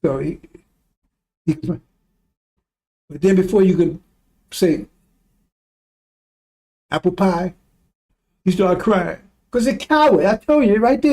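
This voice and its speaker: A religious teacher with a high-pitched but dark-toned voice gives a rambling, forceful informal talk on faith, breaking into swearing as he gets worked up.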